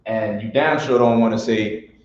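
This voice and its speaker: A man's voice: fairly low pitch, moderate pace, a little mellow. A man teaching a classroom lesson on pronunciation, sounding out syllables one by one in a blunt, informal way. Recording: echoey room from far off, dull lo-fi.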